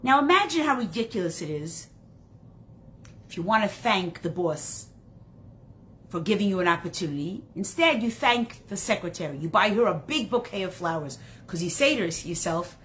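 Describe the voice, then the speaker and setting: A woman teaching a Torah class in an animated storytelling style, acting out the characters in her stories. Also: medium pitch, moderate pace, slight background noise.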